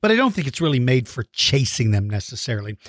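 Animated man explaining for kids. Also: medium pitch, fast talker, dry recording, studio quality. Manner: animated, playful, teacherly. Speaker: host answering viewer questions about dinosaurs. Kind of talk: lively kid-friendly explaining. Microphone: own microphone.

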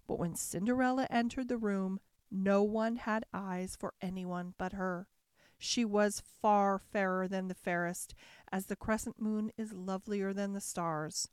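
A woman reading a classic fairy tale aloud in a measured, expressive storybook style. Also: medium pitch, clean tone, no echo, studio quality.

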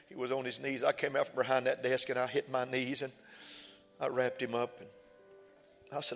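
Gravelly and fairly bright, a man's medium-pitched voice stays mostly level at a normal speed, broken by long pauses. He's a pastor giving sermon testimony about his own experience, full of folksy, emphatic repetition, recorded in a church sanctuary with hall reverb and faint music.

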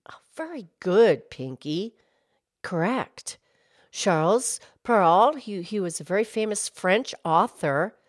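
A woman's voice: mid-range voice, lively intonation, slow pace, no echo, studio quality. A woman voicing a patient, knowledgeable female cow who co-hosts a playful podcast and explains things in a teacherly way. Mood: explaining. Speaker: podcast co-host. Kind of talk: playful kids' podcast role-play.

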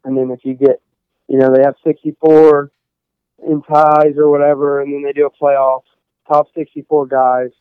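A man's voice: a little high, level tone, moderate pace, smooth, no room sound, phone-quality sound. A young man from Texas, a college golfer rambling casually through an interview with lots of fillers. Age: young adult. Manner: rambling, many fillers and restarts.

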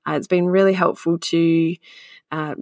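A woman hosting a parenting podcast, encouraging and quick to laugh as she talks with her guest. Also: lowish voice, steady tone, no room sound, clean studio sound. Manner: encouraging, warm listener, laughs easily. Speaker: podcast host. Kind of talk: casual conversational interview.

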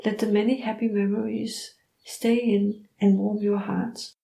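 A woman voicing a calm, loving female dog spirit who speaks softly and soothingly. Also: medium pitch, gravelly. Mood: gentle, soothing. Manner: soft, slow and soothing. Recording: roomy echo.

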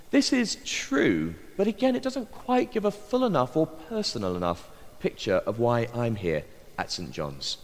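A middle-aged English man from Bristol with a posh southern accent, a vicar giving an earnest, measured personal testimony as a sermon. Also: mid-range voice, a little mellow, long reverb tail. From Bristol, England. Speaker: vicar and pastor.

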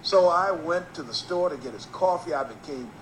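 A man from Miami giving a storytelling motivational speech, emphatic and rhythmic, slowing down to stress key phrases. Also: on the high side, animated, a little hiss or hum, low-quality recording. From Miami, Florida. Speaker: motivational speaker.

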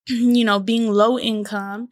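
Young woman, wellness coach guest, candid and lively, jumps into voices for quotes, slightly high pitch. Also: takes it slowly, dry recording, clean studio sound. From Latin America. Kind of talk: candid podcast storytelling.

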